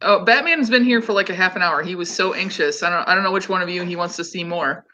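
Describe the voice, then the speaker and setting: Bright-voiced woman hosting a chatty livestream. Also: on the low side, fast talker, a little hiss or hum. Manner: chatty, rambling with many ums. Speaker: host. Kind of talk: casual livestream chat.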